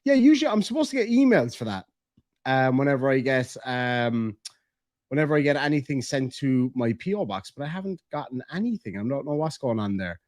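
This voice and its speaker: A man's voice: mid-range voice, big pitch swings, a little fast, darkish tone. An Irish man giving mocking, chatty live-stream commentary and talking to his chat. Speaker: streamer reacting to court videos.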